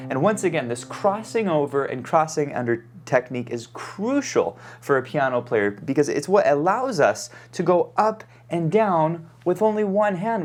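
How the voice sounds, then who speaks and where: A piano teacher with a fairly high voice plays for his student, naming the notes and fingerings as he goes. He regularly checks in with "okay?", and the piano is loud underneath him.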